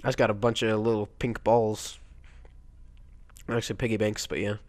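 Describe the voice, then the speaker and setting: A teenage boy with a stuffy nose from a cold, quietly rambling through casual gameplay commentary, breaking into excited yelps now and then. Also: fairly low pitch, normal speed, long pauses, dry recording, clean studio sound. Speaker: let's play gamer.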